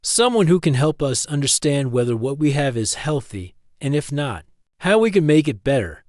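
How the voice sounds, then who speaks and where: A gentle, caring young man in a storybook reading, soft-spoken and careful, as a man reads his lines. Middle pitch, dry and close. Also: sing-song, moderate pace, no echo, lightly acted.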